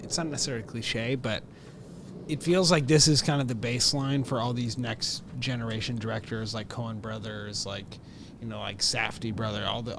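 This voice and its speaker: A young man with a mid-pitched voice chats about movies in a relaxed, agreeable way. He pauses and restarts now and then, with faint ambience in the background. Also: vocal fry, background noise. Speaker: podcast co-host. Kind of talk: casual chat.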